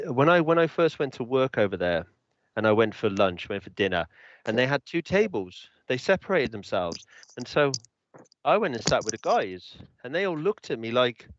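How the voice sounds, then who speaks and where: An English man with a Birmingham-tinged accent chats casually on a podcast, spinning stories in British slang. His voice sits in a middle pitch. The sound is dry and a little dull, like a home mic. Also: dry recording. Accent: Birmingham English, mixed with London. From England. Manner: chatty storyteller, uses British slang. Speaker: podcast co-host. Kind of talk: casual chat.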